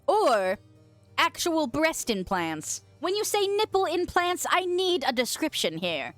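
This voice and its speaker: A young woman streamer with a fairly high voice, chatting casually and giggling often. Her mouth is full of peanut butter as she reads chat messages aloud and sings little filler tunes. Faint music plays behind her. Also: fairly bright tone, no echo.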